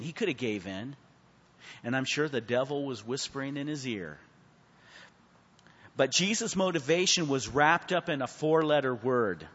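A man's voice: mid-range voice, expressive, moderate pace, husky. Man preaching in an echoey hall. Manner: preaching with sudden swings from hushed to loud; asks the class questions and calls on people. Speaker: Bible class teacher. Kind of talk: Bible study sermon. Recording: muffled sound with a long hall reverb.

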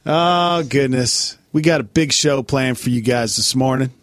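A man's voice: mid-range voice, a little slow, fairly bright tone, no echo. A man hosting a morning radio show in a radio studio, with upbeat, chatty host patter. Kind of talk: casual on-air banter.

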